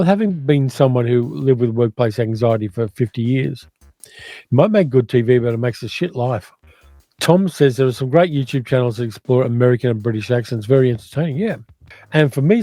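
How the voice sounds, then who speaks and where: An older man with an educated Australian accent hosts a movie channel livestream, casually reading out viewer comments and musing on them. His mid-range voice is mellow, expressive and brisk, in a dry recording.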